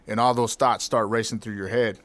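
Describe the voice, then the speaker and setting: A man hosting a podcast, telling a personal story in a reflective, candid way with halting restarts. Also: fairly low pitch, fairly even intonation, fairly bright tone, no echo. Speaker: podcast host.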